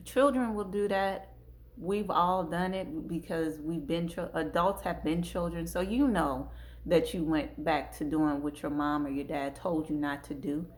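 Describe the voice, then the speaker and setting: A woman hosting a parenting talk, speaking casually with features, acting out little example dialogues and circling back to her points. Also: fairly low pitch. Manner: conversational, gives acted examples, repeats herself. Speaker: parenting channel host.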